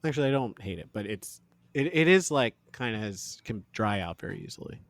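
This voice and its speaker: A man's voice: fairly low pitch, animated, brisk, no room sound. A man co-hosting a podcast, recapping a cooking show in a laid-back way. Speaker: podcast co-host. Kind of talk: casual chat, episode recap.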